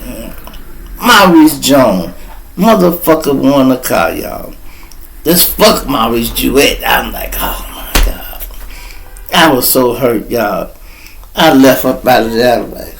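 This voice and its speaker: A man, hosting his own channel and telling a profane, animated story in casual talk. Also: vocal fry, a little hiss or hum, poor audio. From Chicago. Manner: profane, animated storytelling, gets loud and high when excited. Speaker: vlog host.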